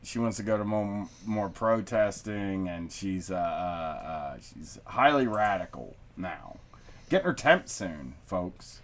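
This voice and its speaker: A man's voice: low voice, lively intonation, slow pace. A middle-aged man hosting a podcast in casual chat, talking in a loose, rambling way and swearing freely. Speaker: podcast host. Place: studio basement.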